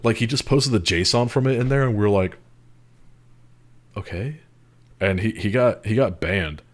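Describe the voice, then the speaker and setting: Deep-voiced, profane male streamer. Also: a little fast. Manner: rambling, profane storytelling, mocking and laughing. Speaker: streamer moderating a Discord community. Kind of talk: casual livestream chat.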